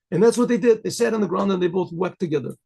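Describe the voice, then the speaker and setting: A man, a rabbi, telling a Chassidic story in a conversational way, clearing his throat often. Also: high-pitched, expressive, fast talker, warm tone.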